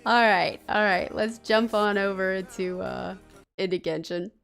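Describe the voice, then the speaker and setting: A woman livestreams from her home setup, chatting in an unhurried, rambling way and giggling often. Her pitch sits in a middle range, and soft background music plays faintly. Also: fairly even intonation, vocal fry. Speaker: streamer. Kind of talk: casual livestream chat.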